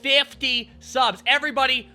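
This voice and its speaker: A young man hosting a live stream, excitedly shouting out and thanking donors in quick, energetic bursts. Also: very high voice, soft background music. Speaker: streamer host.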